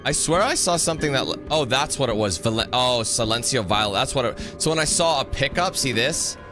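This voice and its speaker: A man's voice: medium pitch, animated, a little fast, music in the background. A man rambling and joking through casual commentary on a horror game he is playing. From North America. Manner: joking, rambling, sings snatches and does mock voices. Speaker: gaming channel host.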